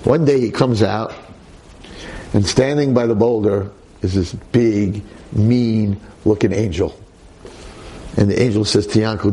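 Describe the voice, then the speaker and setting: A man's voice: on the low side, a little slow, long pauses, poor audio. A male rabbi telling a story in a sermon to a room of boys, acting out every voice. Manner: animated, acts out every voice.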